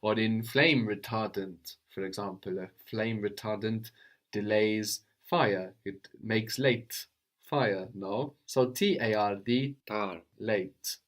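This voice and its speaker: A man teaching a language lesson, patient and probing, often checking with a quick "no?". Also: fairly low pitch. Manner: patient, prompts with questions, tag "no?".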